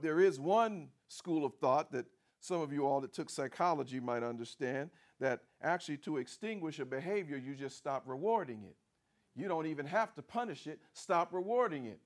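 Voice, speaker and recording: A man preaching a sermon as pastor, with a repetitive cadence that swings from loud outbursts to hushed asides. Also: on the high side, expressive, unhurried.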